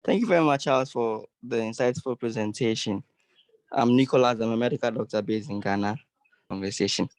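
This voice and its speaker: A man's voice: mid-range voice, a little fast, no room sound, poor audio. A man from the audience politely and formally asks an earnest question. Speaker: audience member asking a question.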